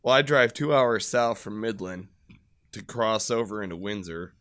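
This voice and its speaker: Man in his thirties, loud profane storyteller, bright low voice, dry close sound. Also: moderate pace, no echo. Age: 30s. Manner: loud, profane, swings into shouted re-enactments. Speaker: podcast guest. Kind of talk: casual chat, storytelling.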